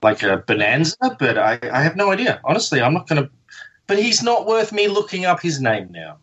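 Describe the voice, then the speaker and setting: Husky-voiced man on a muffled call. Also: a little high, big pitch swings, fairly quick, a bit bright. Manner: rambling, self-deprecating, laughs often. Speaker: guest, comic book artist. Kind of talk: casual podcast chat.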